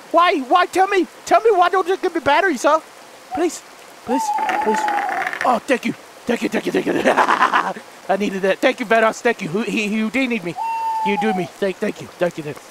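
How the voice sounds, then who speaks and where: A man hosting a horror let's play, frantic and jumpy, shouting and pleading, then muttering low to himself. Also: heavy background noise. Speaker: gaming channel host.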